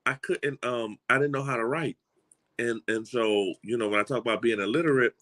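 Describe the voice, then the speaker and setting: A middle-aged man with a Southern US drawl speaks as a motivational speaker. His voice sits at an ordinary pitch. He talks in an animated, folksy way, circling back with restarts and repeated words as he tells his stories. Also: a little fast. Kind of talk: motivational storytelling talk.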